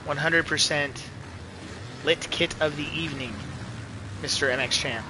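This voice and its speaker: A young man streaming a racing game, chatting casually to his viewers with profane, excitable banter and frequent laughs. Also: on the high side, unhurried, background noise. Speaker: gaming streamer. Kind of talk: casual live commentary while playing.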